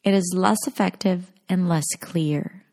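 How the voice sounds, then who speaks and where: A woman narrating a scripted pronunciation lesson, speaking clearly and deliberately as she models example sentences. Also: on the low side, mellow. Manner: slow, clear, deliberate demonstrations. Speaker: pronunciation teacher.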